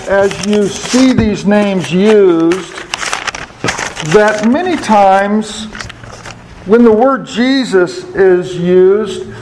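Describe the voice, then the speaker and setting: A man's voice: high-pitched, darkish tone, a little hiss or hum, rough recording. A man giving a sermon as a Bible teacher, asking his listeners questions, answering them himself and repeating key words for emphasis.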